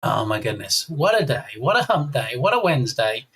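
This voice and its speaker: A man's voice: mid-range voice, big pitch swings, normal speed, fairly bright tone, husky, poor audio. Chatty English man streaming live. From England. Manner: chatty, reads out chat messages and thanks viewers. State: slight frog in throat. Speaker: game dev streamer. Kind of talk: casual live-stream chat.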